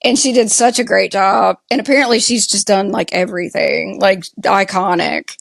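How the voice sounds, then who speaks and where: A woman's voice: medium pitch, steady tone, gravelly, dry recording. A woman with a Southern US accent, co-hosting a casual podcast recap of a TV show and talking with many "like" fillers. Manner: slow, chatty, lots of "like" fillers. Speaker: podcast co-host.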